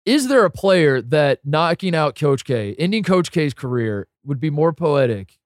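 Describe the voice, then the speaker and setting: A man's voice: fairly high pitch, big pitch swings, unhurried, no room sound, clean studio sound. A man co-hosting a casual sports podcast, talking animatedly, piling up rhetorical questions with many restarts.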